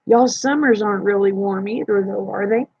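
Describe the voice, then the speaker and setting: A woman's voice: mid-range voice, normal speed, husky. A woman hosting a casual late-night livestream, chatting with viewers in a folksy, teasing way. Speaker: livestream host. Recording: dry, dull lo-fi stream audio.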